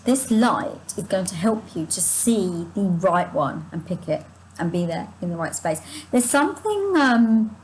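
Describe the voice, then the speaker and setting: This woman's voice is lowish and a little mellow, captured in a low-quality recording with faint hiss or hum. Reading tarot spontaneously for her viewers, she sighs, yawns, struggles with a sore throat and short breath, and stumbles through restarts and asides.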